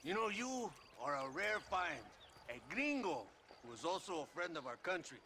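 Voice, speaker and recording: A man's voice: sits high, sing-song, normal speed, pushed and bright, heavily acted. An actor playing a boastful, leering male army officer who laughs and mocks as he talks. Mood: gloating. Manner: laughing, mocking, theatrical. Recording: game audio with faint noise.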